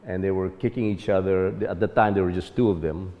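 A man's voice: low voice, fairly even intonation, brisk, long reverb tail, narrow, tinny audio. A man telling a personal story about fatherhood as an earnest testimony.

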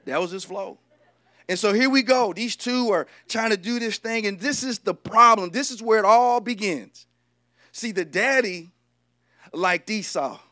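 A male preacher giving a lively, humorous sermon and talking directly to the congregation. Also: sits high, unhurried, dry recording, clean studio sound.

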